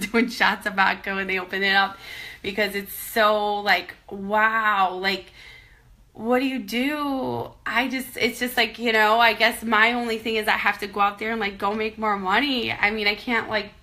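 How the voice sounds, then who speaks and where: A woman's voice: medium pitch, flat delivery, moderate pace, sharp tone. A woman in her thirties vlogging about money worries, tearful and rambling but candid, talking herself back into encouragement. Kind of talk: emotional personal vlog.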